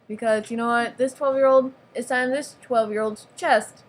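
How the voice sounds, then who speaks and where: A woman's voice: a little high, measured pace, slight background noise. A woman giving a playful, mock-serious show-and-tell of a toy, with giggles and sarcastic asides. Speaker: vlogger showing off a toy.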